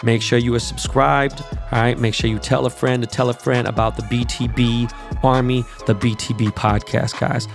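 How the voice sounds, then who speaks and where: Gravelly, profane male podcast host. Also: mid-range voice, normal speed, faint music behind. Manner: profane, animated sports rant. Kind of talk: casual podcast rant.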